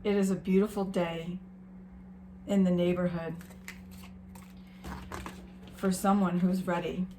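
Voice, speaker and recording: A woman giving an encouraging spiritual card reading to her viewers, gentle and sometimes emotional. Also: fairly low pitch, level tone, slow, long pauses, background noise. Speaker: tarot reader.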